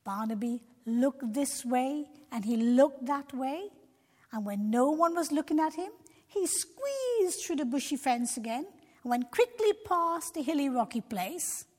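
A woman's voice: sits high, expressive, unhurried, darkish tone. A woman narrating a Christian children's story expressively, talking directly to young listeners. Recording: long reverb.

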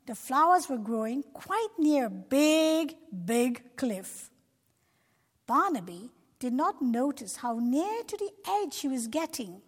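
A woman narrating a Christian children's story expressively, talking directly to young listeners. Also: high voice. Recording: long reverb.

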